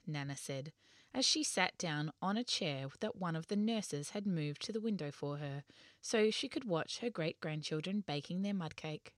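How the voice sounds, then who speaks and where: A woman narrating a children's story in an expressive, lively way. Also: sits low, normal speed, no echo, clean studio sound.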